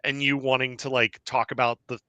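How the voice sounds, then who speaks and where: A man, a podcast host, telling animated anecdotes in casual chat with lots of fillers. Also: mid-range voice, brisk, dry recording.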